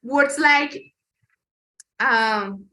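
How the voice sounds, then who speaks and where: A woman from Colombia with a Colombian Spanish accent and Spanish as her first language. She speaks as a Spanish teacher giving an interview, explaining patiently and pausing to search for English words. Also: on the high side, bright, forceful tone, poor audio. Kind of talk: conversational interview.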